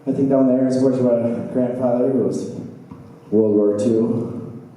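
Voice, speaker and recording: A man doing a stand-up set at an open mic, with a halting, meandering delivery full of fillers and trailing asides. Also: mid-range voice, fairly even intonation, dark tone. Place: small bar open mic stage, indoors. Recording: echoey bar from a distant camera with faint room noise.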